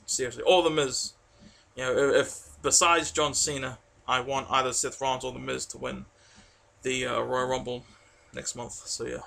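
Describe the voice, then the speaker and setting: A man giving an excitable, rambling spoken review, full of fillers and restarts. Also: mid-range voice, moderate pace, vocal fry. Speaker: wrestling reviewer.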